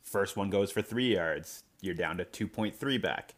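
A man co-hosting a relaxed podcast chat. He lays out events one step at a time to build suspense. His voice sits low. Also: unhurried. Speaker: podcast co-host. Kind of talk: casual chat.

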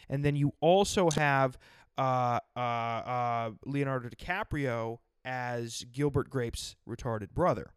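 A man's voice: mid-range voice, smooth, no echo, studio quality. A man hosting a casual, profane chat and telling stories with a lot of animation. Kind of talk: casual crude banter.

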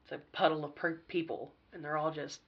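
A woman guest on a podcast, casually telling party stories in a profane, animated way with sudden loud bursts. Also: low-pitched, a little fast, dull audio. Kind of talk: casual storytelling chat.

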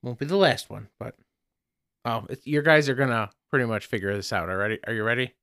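A man's voice: medium pitch, quick pace, fairly bright tone, no echo, studio quality. A man co-hosting a casual car podcast, running a joking language-guessing game with his friends. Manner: joking, puts on mock foreign phrases. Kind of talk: casual banter.

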